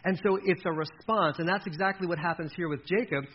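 Animated male pastor preaching, slightly muffled. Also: fairly quick, slight background noise. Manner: animated preaching, drops low and quiet when quoting God. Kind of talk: sermon.

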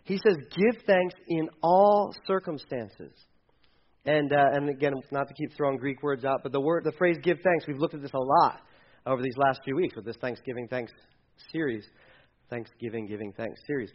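A man preaching a sermon as pastor, animated, acting out quoted voices and swinging between loud and hushed. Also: mid-range voice, moderate pace, lo-fi sound.

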